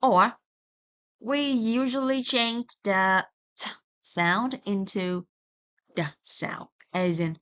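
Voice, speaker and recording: A woman with a mid-range voice teaches English pronunciation at an unhurried, careful pace. She often stops to correct herself. The recording sounds a little dull and lo-fi. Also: medium pitch, fairly even intonation, fairly bright tone, clean tone. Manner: slow and deliberate, with self-corrections. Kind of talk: recorded lesson.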